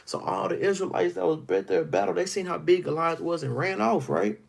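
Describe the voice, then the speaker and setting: A man leads a Bible study in a gravelly, husky voice. He reads a passage aloud and then retells it in casual street slang. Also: a little high, normal speed, darkish tone. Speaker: Bible teacher.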